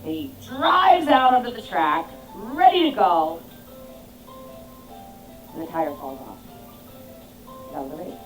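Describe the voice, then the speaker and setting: A woman's voice: on the high side, very animated, takes it slowly, long pauses, music in the background, low-quality recording. A woman business coach giving an emphatic motivational talk, firing rhetorical questions at her audience. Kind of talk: motivational speech.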